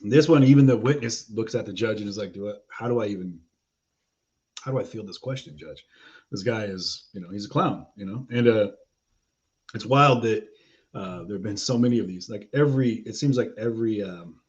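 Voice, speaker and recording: A man's voice: fairly low pitch, a little fast. A man giving casual, rambling commentary on a livestream, with lots of fillers and laughs. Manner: chatty, laughing, many fillers and restarts. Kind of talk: casual commentary over clips. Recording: dull lo-fi audio.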